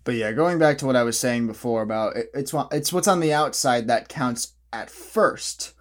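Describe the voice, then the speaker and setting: A man's voice: mid-range voice, normal speed. A young man in a casual, opinionated vlog monologue who rambles, restarts often and laughs at his own jokes. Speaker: vlogger.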